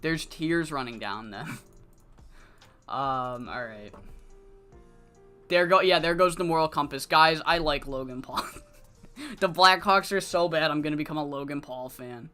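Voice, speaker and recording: Low-voiced, foul-mouthed woman streamer. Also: a little slow, long pauses, fairly bright tone, smooth, soft background music. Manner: profane, swinging from muttering to frustrated outbursts. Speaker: game streamer. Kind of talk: live-streamed gameplay commentary.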